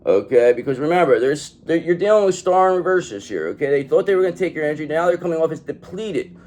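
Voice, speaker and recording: A man gives a tarot reading in a swaggering, gangster-tinged manner, tossing in "okay?" again and again. His voice sits a little high and swings widely up and down as he talks. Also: quick pace. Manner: animated, streetwise gangster-style talk with repeated "okay?"; acts out pleading enemies in a high voice. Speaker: tarot reader.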